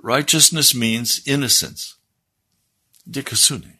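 A man preaching a sermon, explaining scripture in a deliberate, teaching manner. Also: medium pitch, sharp tone, husky.

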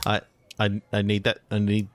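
A man's voice: on the low side, monotone, normal speed, no echo. A man improvising a comedy sketch, flustered and stammering, agitated. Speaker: comedy podcast guest.

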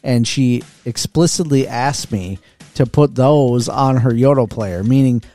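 A man's voice: medium pitch, unhurried, dark tone, soft background music. A man co-hosting a podcast in casual chat, joking and laughing easily. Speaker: podcast co-host.

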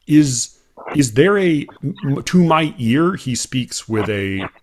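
An American man hosting a casual chat, talking haltingly with many fillers and restarts. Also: medium pitch, very animated, a little mellow. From United States.

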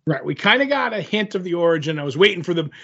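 A man's voice: high voice, lively intonation, fast talker, gravelly, a bit bright, husky, dull audio. A man co-hosting a podcast in casual chat, rambling with lots of fillers and joking at his own expense. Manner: rambling, filler-heavy, self-mocking. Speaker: podcast co-host. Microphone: remote call recording.

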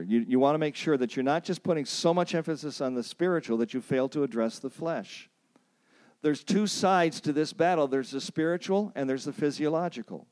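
A man teaching a church counseling seminar, earnest and emphatic, quoting scripture and repeating key points for emphasis. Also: a little mellow. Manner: acts out pleading phrases in a higher voice.

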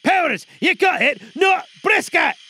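A man playing a bossy, hot-tempered director who keeps shouting at his cast. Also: very high voice, animated, unhurried, full character voice. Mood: exasperated shouting. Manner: exasperated, barks orders. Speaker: director of a pirate audio drama. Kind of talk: comedic sketch acting.

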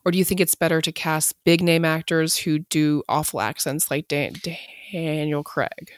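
A woman's voice: low voice, fairly even intonation. A woman co-hosting a podcast, chatting casually, often stammering over words. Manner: stammers on words, quick agreeing replies. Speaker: podcast co-host. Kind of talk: casual chat.

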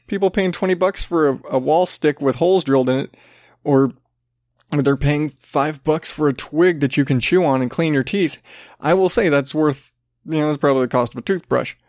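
A man's voice: a little high, a little mellow, dry recording, clean studio sound. A man hosting a podcast, ranting sarcastically with plenty of swearing and rambling restarts. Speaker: podcast host. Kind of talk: casual ranting commentary.

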